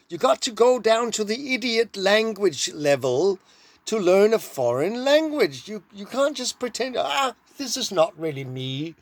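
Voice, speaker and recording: Slow, lively Danish-accented man. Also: sits high, dry recording. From Denmark. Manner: playful, drifts into mock accents and silly sounds. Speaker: vlogger. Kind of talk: rambling personal monologue.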